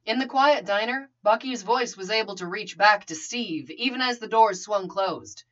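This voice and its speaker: Brief: expressive woman storyteller, muffled home recording. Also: medium pitch, moderate pace. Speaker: reader. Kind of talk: storybook narration.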